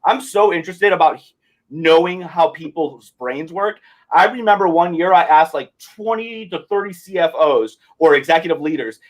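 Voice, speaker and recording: A man's voice: a little high, normal speed, low-quality recording. A young man chatting casually on a podcast, laid-back, full of slang and swearing. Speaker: podcast host. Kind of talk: casual chat.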